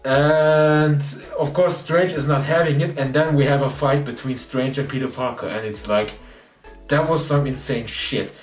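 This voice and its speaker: Excited male movie reviewer, echoey and distant. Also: normal speed. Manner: excited retelling, dropping into low voices to quote characters. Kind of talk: casual spoilery movie recap. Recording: roomy echo, distant mic, faint music behind.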